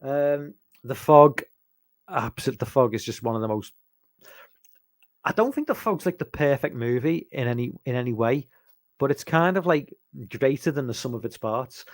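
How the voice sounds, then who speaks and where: A man's voice: medium pitch, expressive, moderate pace, no echo. A man from England chatting casually about horror films, rambling and hesitant, with lots of ums and restarts. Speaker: podcast host.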